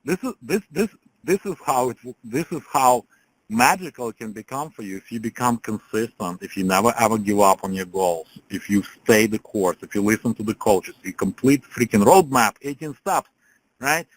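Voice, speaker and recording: A man's voice: mid-range voice, expressive, normal speed, poor audio. A man coaching a group on a call, telling a rambling motivational story with many fillers and restarts. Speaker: business coach.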